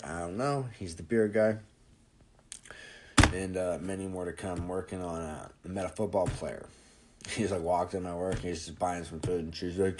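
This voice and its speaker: A man's voice: low voice, vocal fry, a little mellow, a little hiss or hum, rough recording. A man in his twenties hosting his own podcast, rambling and joking with plenty of swearing in casual monologue. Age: 20s. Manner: profane, rambling, jokey. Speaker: podcast host.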